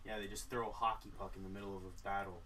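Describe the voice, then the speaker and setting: A man's voice: lowish voice, flat delivery, very fast, bright, forceful tone. A man co-hosting a live stream, reading out viewer comments and adding dry teasing remarks. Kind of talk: casual chat. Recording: distant mic with faint hiss.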